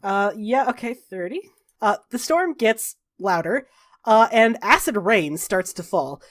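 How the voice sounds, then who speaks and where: A woman's voice: medium pitch, lively intonation. Woman game master calling the rules. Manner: brisk, rule-calling with offhand fillers. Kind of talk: narrating a tabletop game.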